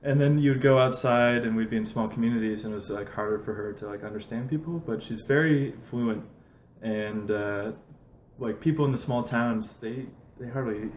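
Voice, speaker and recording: A man's voice: medium pitch, moderate pace, darkish tone. A man hosting a podcast, telling loose stories with constant fillers and frequent laughter in a casual chat. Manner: rambling storyteller with constant "like" fillers, laughs often. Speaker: podcast host. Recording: roomy echo, faint background noise.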